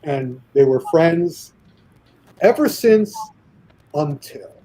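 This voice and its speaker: Male podcast guest, animated storyteller who acts out quotes; mellow, husky timbre. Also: on the high side, very slow, poor audio. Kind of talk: casual podcast anecdote.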